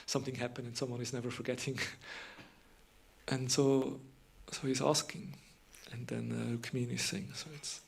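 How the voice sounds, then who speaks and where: A man's voice: medium pitch, flat delivery, normal speed, gravelly, slightly rough. A man giving a devotional morning lecture, retelling scripture in a loose conversational way with frequent fillers and restarts.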